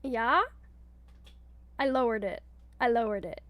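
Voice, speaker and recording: A young woman chatting casually on a live stream as a VTuber, reading her chat aloud, giggling often and getting loud when excited, with casual swearing. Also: on the high side, measured pace, no echo. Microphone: headset mic with headphones.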